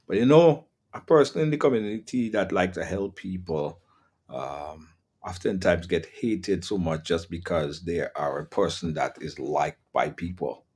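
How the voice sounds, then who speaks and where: A man's voice: sits low, unhurried, darkish tone, breathy edge. A man hosting an interview, responding sympathetically and asking follow-up questions. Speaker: host.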